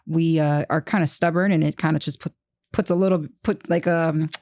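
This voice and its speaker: A woman co-hosting a casual podcast chat, her voice sitting on the lower side. She talks in animated bursts, full of restarts and laughing asides, recorded close and dry. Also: fairly quick, dry recording. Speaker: podcast co-host.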